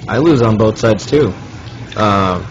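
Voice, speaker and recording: Male guest from the Middle East, low voice, dull lo-fi line. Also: animated, slow, a little hiss or hum. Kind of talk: casual chat.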